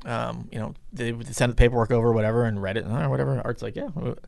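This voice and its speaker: A man's voice: mid-range voice, level tone, rapid-fire, gravelly, a little mellow, no room sound. A middle-aged man telling a rambling, casual story in an interview, swearing freely and acting out the voices of the people in it. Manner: rambling, profane, acts out quoted people. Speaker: guest.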